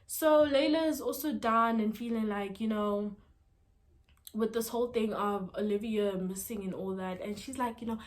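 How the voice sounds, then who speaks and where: A woman's voice: mid-range voice, normal speed. A woman casually recapping a TV episode, talking in a chatty way with lots of fillers and asides. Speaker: TV episode reviewer.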